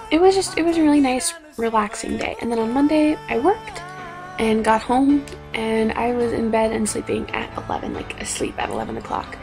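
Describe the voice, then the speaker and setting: Chatty young woman with gravelly voice. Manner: animated, chatty, acts out quotes in higher voices. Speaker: vlogger. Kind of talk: casual storytelling vlog.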